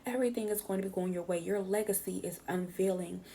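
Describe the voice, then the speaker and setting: A woman's voice: medium pitch, quick pace, warm tone, a little hiss or hum. A young woman giving a casual tarot reading, brash and slangy, swearing freely and acting out what other people say. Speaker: tarot reader.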